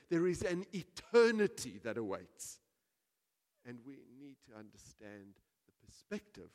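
A man preaching a sermon as pastor, telling a story with big swings between hushed and loud delivery. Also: fairly high pitch. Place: church hall. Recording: reverberant church hall.

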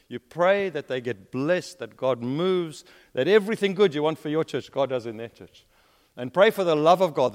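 A man delivers a sermon in a church hall whose long reverb trails after his words. He tells stories and swings between emphatic, rising peaks and low, hushed drops. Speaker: preacher.

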